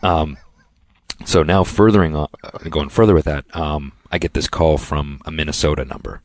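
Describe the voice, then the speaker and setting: A man with a strikingly low voice co-hosts a podcast, winding through a long anecdote in loose, casual chat. He slips into quick impressions of the people in his story. The sound is dry and close. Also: fairly even intonation, no room sound. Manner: rambling anecdotes with impressions of others. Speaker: podcast co-host.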